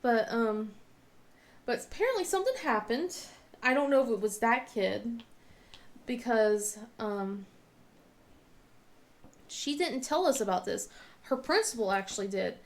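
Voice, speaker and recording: A woman in her thirties talks casually as she crafts, her voice sitting a little high. She rambles, restarts her sentences often and acts out what others said. Her mouth is sore while she speaks. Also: lively intonation, unhurried, pauses often. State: mouth in pain. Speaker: vlogger and crafter.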